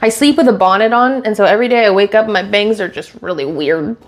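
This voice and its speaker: A young woman streamer from Washington state, USA, talks fast in a medium-pitched voice during a casual live stream, reading viewer messages aloud while getting ready at home. Slight background noise is audible.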